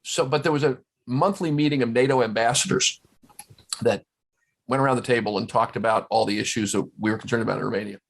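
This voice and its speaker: A man telling stories in casual conversation as a guest at a round-table talk, animated and full of restarts. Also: medium pitch, quick pace, gravelly. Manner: storytelling, animated, many restarts. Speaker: guest, former ambassador. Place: indoors, round-table discussion.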